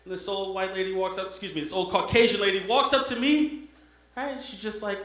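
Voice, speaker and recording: A man's voice: sits high, steady tone, a little fast, a bit bright. A young man doing a stand-up comedy set, talking in a loose, conversational way and checking in with the crowd. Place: comedy stage in an echoey room. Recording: echoey room.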